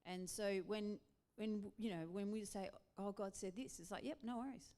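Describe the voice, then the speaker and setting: An Australian woman talking in a relaxed church interview. She speaks as a pastor's wife, chatty and animated, and laughs readily as she talks. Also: mid-range voice, moderate pace.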